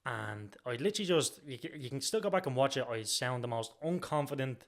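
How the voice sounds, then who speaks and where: A man's voice: mid-range voice, a little fast, vocal fry. A man with a Dublin accent, a podcast guest telling stories in casual chat, swearing freely. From Ireland. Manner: swears freely, animated storytelling. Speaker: guest, car sales marketer.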